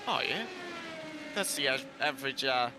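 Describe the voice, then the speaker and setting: Man, co-commentator, teasing, mid pitch, noisy background. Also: lively intonation, normal speed. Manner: laughing, teasing banter. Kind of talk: live race commentary.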